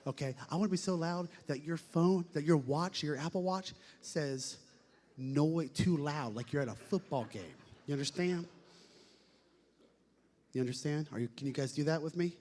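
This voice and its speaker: A man emceeing a banquet, joking with the audience and shouting playful announcer calls. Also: on the high side, moderate pace. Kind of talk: hyping up a live audience. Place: large banquet hall. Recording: echoey hall.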